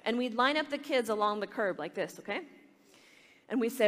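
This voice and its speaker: Woman, religious sister, lively storytelling talk, slightly high voice, long hall reverb. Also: normal speed. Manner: animated storyteller acting out kids' voices. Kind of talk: storytelling talk to a retreat audience.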